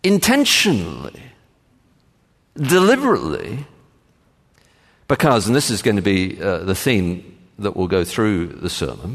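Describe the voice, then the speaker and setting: Slow, emphatic man preaching in echoing hall. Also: on the low side, gravelly, fairly bright tone. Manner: measured, emphatic, frequent "uh" fillers. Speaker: pastor. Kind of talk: sermon. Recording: long reverb of a large hall.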